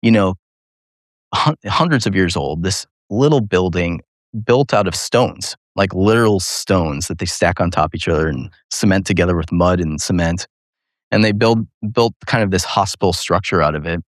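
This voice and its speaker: A male neurosurgeon and podcast host telling a personal story in an interview, animated and laughing often, with many fillers. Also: low voice, normal speed, no echo, studio quality.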